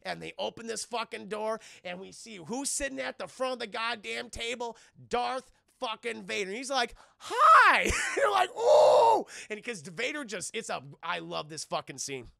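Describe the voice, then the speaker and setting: A young man with a bright, high-set voice full of vocal fry recaps a movie live for his chat. He swears freely and keeps calling out to his viewers. His voice comes through dry and close with no room sound. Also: moderate pace, few pauses, no echo. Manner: excitable, swears a lot, keeps addressing the chat. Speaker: streamer reviewing a film with his chat. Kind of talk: animated live-stream recap, loosely acting out scenes.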